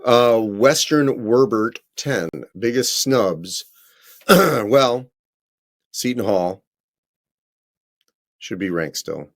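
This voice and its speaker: Taking viewer questions on a live stream, a college basketball correspondent keeps his delivery loose and conversational, correcting himself quickly and saying um often. He is expressive, with a middle-pitched male voice.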